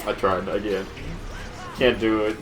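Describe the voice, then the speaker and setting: A man's voice: fairly low pitch, flat delivery, measured pace, a bit bright, faint music behind. Laid-back young man laughing over gameplay. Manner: laughs often, swears casually. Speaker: let's play host. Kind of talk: casual gameplay commentary.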